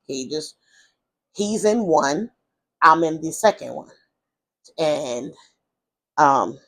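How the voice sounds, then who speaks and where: An animated woman tells a story from her past straight to the camera. She rambles and restarts often, and her pitch leaps up whenever she acts out what other people said. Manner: animated retelling, acting out quoted voices in a high pitch; rambling with many fillers and restarts. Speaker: vlogger telling her life story. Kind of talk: casual storytime monologue.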